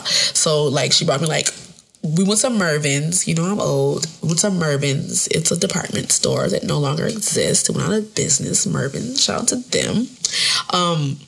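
A woman in her thirties, a podcast host, telling a funny story in casual, animated, profane speech with AAVE. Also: low voice, normal speed, creaky, husky. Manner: animated, profane, laughs often.

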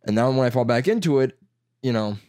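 A man's voice: mid-range voice, animated, fairly quick, mellow, no echo, clean studio sound. A man with a Chicago accent telling rambling, profane stories in casual chat, laughing often.

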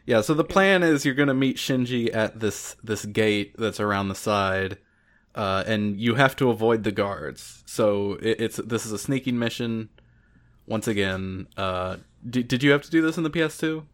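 A man's voice: fairly low pitch, normal speed. A man co-hosting a casual podcast, recapping a video game and tossing in characters' lines as he goes. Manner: relaxed, acts out characters' lines in passing. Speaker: podcast co-host.

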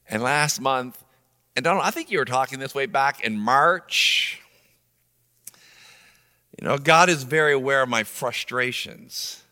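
A middle-aged man preaching a sermon, animated, swinging between loud emphasis and soft low asides. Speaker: pastor. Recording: long reverb of a large room.

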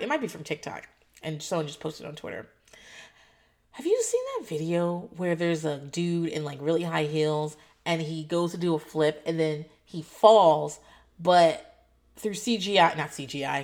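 Woman in her thirties, casual vlog storytelling, animated, swears a lot, acts out the other voices. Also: lowish voice. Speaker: foster parent telling a story.

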